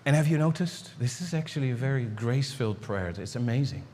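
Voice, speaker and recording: A man preaching a sermon as pastor, pleading and repeating himself, swinging between high urgent lines and low hushed ones. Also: expressive, quick pace, a little hiss or hum. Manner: pleading, repeats words and restarts. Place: church sanctuary. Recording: long hall reverb in a church.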